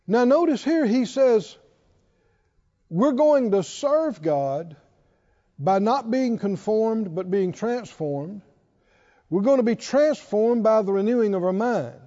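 A man's voice: high voice, expressive, takes it slowly, dark tone. A male pastor preaching a sermon, calling on the congregation to answer back. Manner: call-and-response preaching, asks the congregation to answer. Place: church sanctuary. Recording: echoey hall, dull lo-fi sound.

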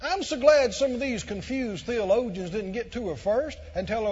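A high-pitched man delivering an emphatic sermon, piling up repeated phrases and rising to shouts. His voice is husky, and the recording is muffled, with a long reverb from a large hall. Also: moderate pace, few pauses. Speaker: preacher.

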